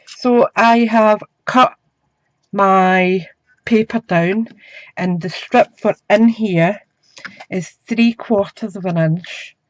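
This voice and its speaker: A woman talks through a craft project at her home desk at an unhurried pace. Her chat is easy and running, as if she is working with her hands the whole time. The sound is a bit dull and muffled, like a home camera recording. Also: fairly low pitch, dry recording. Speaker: craft demonstrator. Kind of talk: crafting tutorial. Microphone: camera mic.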